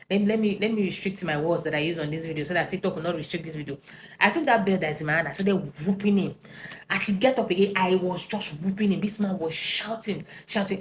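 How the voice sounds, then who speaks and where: Woman, lowish voice, animated personal story, lots of "right?" and fillers. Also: slight background noise. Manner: animated, tag questions and fillers.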